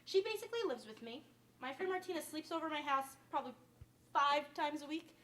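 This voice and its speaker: A woman's voice: high-pitched, animated, fairly quick, a bit bright. A young woman from Westchester with a downstate New York accent, hosting a casual home cooking video and rambling as she chats between steps. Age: young adult. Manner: chatty, rambling, says "like" often. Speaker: cooking show host.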